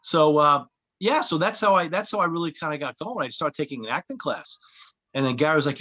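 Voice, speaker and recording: Bright-voiced storytelling comedian. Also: male voice, fairly high pitch, a little fast, lo-fi sound. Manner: animated anecdotes, acting out quoted voices. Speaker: comedian and actor guest. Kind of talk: casual storytelling chat. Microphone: podcast mic.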